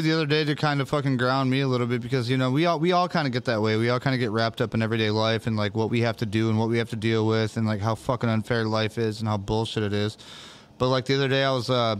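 A man's voice: on the low side, clear, resonant tone. A man hosting a casual chat show, telling rambling, profane stories full of fillers. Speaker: podcast host.

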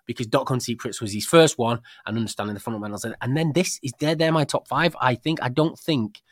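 A man co-hosting a casual book-discussion podcast, animated and often repeating words as he thinks. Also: mid-range voice, fast talker, no echo, clean studio sound. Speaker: podcast co-host.

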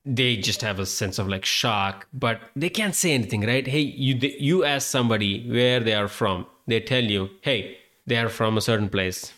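A man's voice: medium pitch, normal speed, hardly any pauses, a bit bright. An Indian-accented man talks through his podcast in a loose, rambling monologue. He leans on filler words and swears freely as he tells his stories. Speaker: podcast host. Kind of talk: casual monologue.

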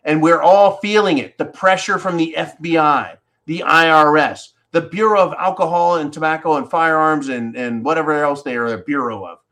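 A man's voice: a little high, normal speed, few pauses, fairly bright tone. Blunt, profane man telling a story. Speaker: podcast host. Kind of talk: casual monologue and storytelling.

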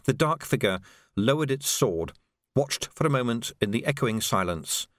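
Expressive man narrating a novel. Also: mid-range voice, normal speed, no room sound, studio quality. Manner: expressive storytelling. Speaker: audiobook narrator. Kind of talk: scripted narration.

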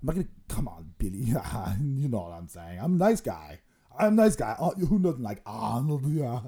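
A man's voice: mid-range voice, very animated, moderate pace, mellow, husky. A man doing a comic impression of a boastful bodybuilder, rambling and giggling through mock threats. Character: boastful bodybuilder impression, male, middle-aged, menacing-jolly. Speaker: comedy guest in character.

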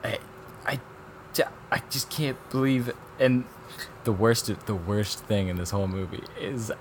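A man casually chatting on a podcast, reviewing documentaries in an animated, rambling way and quoting people as he goes. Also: lowish voice, a little hiss or hum. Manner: rambling, animated retelling with quoted voices and laughs. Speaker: podcast co-host.

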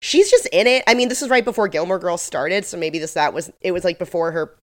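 A woman's voice: lowish voice, fairly quick. A woman co-hosting a podcast, retelling episode scenes in a chatty, casual way full of "like" fillers. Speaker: podcast co-host. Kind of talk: casual recap chat.

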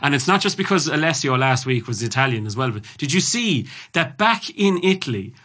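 Chatting on his podcast, the Irish host tells stories in a sweary, animated manner. His voice is mid-range and his delivery a little fast.

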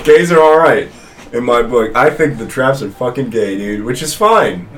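A man's voice: medium pitch, lively intonation, moderate pace, recorded from a distance. A young man hosting a casual podcast, crude and blunt, laughing often as he talks. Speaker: podcast host. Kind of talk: casual chat.

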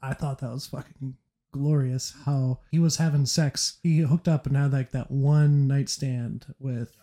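A man hosting a podcast, chatting casually about movies and retelling scenes with animated laughter. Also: medium pitch, measured pace. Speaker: podcast host.

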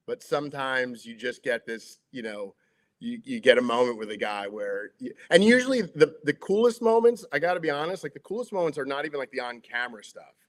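Storytelling man, chatty and animated. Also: medium pitch, a little fast. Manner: lively storyteller acting out quotes, many "like" fillers. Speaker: sports broadcaster. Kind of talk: casual anecdotal storytelling.

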